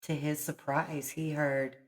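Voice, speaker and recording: A woman hosting her channel and reading a bedtime story aloud in a slow, expressive way. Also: low voice. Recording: roomy echo.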